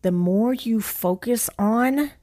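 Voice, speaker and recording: A motivational speaker and author gives a talk in a fairly high, mellow voice. She's blunt and emphatic, repeating key phrases, slowing down to stress words and swearing casually.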